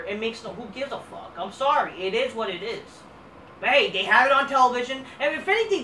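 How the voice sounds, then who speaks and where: A woman's voice: a little high, bright, forceful tone, a little hiss or hum. A woman hosting a ranting wrestling review, blunt, profane and exasperated. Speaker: host. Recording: roomy echo from distant mic.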